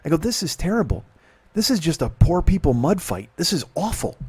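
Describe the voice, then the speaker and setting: A middle-aged man, a podcast host, telling a profane, animated story in casual talk and acting out the dialogue. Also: a little high, fairly quick, breathy edge.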